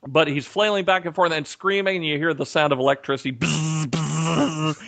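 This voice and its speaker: A man co-hosting a casual podcast over a remote call. He spins a story with energy and slips into the voices of the people he quotes. His voice sits a little high. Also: fast talker. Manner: animated storyteller, acts out quotes. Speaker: podcast co-host. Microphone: remote call mic.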